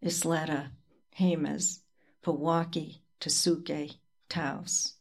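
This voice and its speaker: A woman poet reads her work aloud, slow and deliberate, letting pauses hang between the lines. Her voice sits slightly low and never rushes. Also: flat delivery. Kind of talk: poetry reading.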